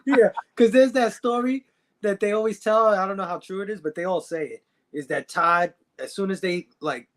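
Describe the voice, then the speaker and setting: A man appearing as a guest in a casual conversation, talking in a laid-back, agreeable way and often chiming in with quick agreement. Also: high voice, a little hiss or hum. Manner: laid-back, agreeable, frequent "yeah" and laughter.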